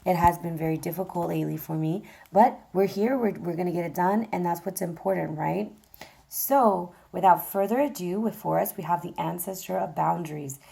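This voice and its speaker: A tarot reader gives a casual reading, chatting directly to viewers with lots of fillers. Her low, gravelly, mellow voice is tired and worn out, cutting in and out from exhaustion, and she speaks a little fast.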